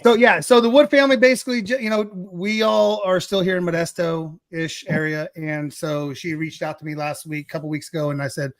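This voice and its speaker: A man's voice: fairly high pitch, fairly even intonation, brisk, hardly any pauses, no room sound. A middle-aged man hosting a casual livestream chat show, talking in a rambling, apologetic way with frequent restarts.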